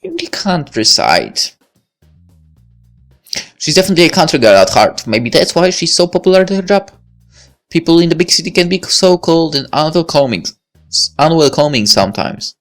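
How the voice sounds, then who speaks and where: A woman voicing a thoughtful high school senior girl while reading a visual novel aloud, in a musing inner-monologue manner. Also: sing-song, normal speed, long pauses, soft background music.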